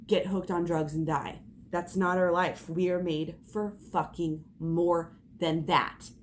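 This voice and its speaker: A woman's voice: on the low side, steady tone, slow, a little hiss or hum. Fervent woman giving a spiritual pep talk. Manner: fervent and emphatic, swearing and laughing. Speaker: tarot reader.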